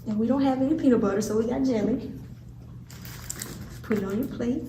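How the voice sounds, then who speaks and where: A woman's voice: a little high, fairly quick, mellow. A woman hosting a casual kitchen crafts demo, chatty and instructive. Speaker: crafts segment host. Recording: echoey room, distant mic, clear noise.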